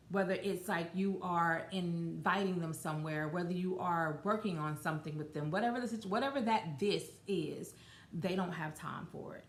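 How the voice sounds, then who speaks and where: Low-voiced woman podcast host, echoey room. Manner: loose and conversational, many fillers and restarts. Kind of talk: casual solo podcast talk. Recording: roomy echo.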